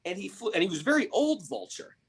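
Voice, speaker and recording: A man's voice: high-pitched, big pitch swings, fast, breathy edge. A man hosting a spiritual podcast, retelling stories with emphatic rhetorical questions. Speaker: podcast host. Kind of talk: spiritual storytelling and teaching.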